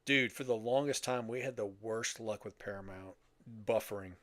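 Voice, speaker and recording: A man's voice: lowish voice, moderate pace, a bit bright, dry recording. An older man co-hosting a podcast, chatting casually in a rambling, wry way and laughing often. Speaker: podcast co-host. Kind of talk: casual chat.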